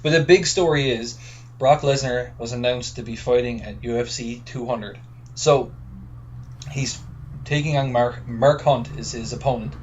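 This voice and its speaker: This podcast co-host, a man from Newfoundland, Canada, calls in from a remote work camp and chats casually with a wry, gossipy streak. He speaks at a measured pace with a medium pitch, over dull phone audio carrying faint noise.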